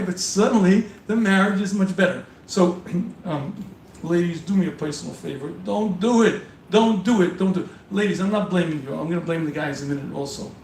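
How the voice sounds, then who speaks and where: A man, a rabbi, giving a live seminar lecture to an audience, emphatic and repetitive in his warnings. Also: sits high. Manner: emphatic, repeats warnings, acts out questions. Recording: echoey hall from a distance, faint noise.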